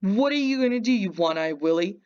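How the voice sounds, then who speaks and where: A woman's voice: mid-range voice, lively intonation, brisk, darkish tone. Mocking woman in a dull lo-fi recording. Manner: mocking, insulting, sarcastic. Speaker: reaction video host. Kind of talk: reaction commentary.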